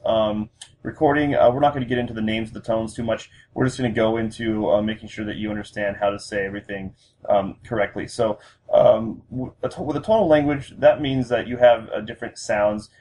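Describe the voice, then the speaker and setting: A man giving a patient spoken language lesson, pausing often with fillers as he explains. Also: lowish voice, darkish tone, a little hiss or hum. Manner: patient, with frequent fillers and restarts. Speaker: language teacher. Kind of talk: instructional lesson.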